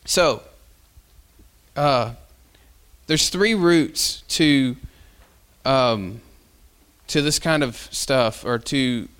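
A man's voice: mid-range voice, drawn-out words, pauses often, a bit bright, smooth. A male pastor giving a sermon in a folksy, conversational style, telling stories with casual fillers.

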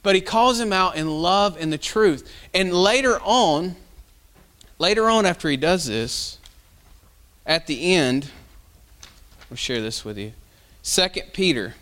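A man preaching in a folksy, conversational manner, mixing stories with plain talk and casual fillers. His voice sits a bit higher than most men's. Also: animated, unhurried, long pauses, a bit bright. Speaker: pastor. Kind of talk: sermon.

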